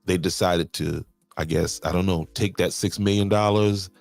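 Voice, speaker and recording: Low-voiced man explaining. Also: steady tone, moderate pace, vocal fry, darkish tone, no room sound, soft background music. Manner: repeats words, restarts and says "okay" often. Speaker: podcast host. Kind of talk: explaining local county finances to viewers.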